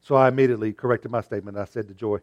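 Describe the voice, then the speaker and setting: A male pastor preaching an earnest sermon, moving between emphatic and hushed delivery. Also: fairly low pitch, steady tone, racing, highs cut off.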